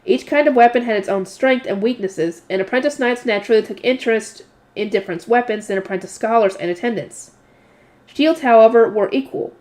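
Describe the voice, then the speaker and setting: A woman's voice: a little high, fairly quick, a little mellow. Woman casually reading a novel aloud. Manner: casual reading with self-corrections and commentary. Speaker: narrator and channel host.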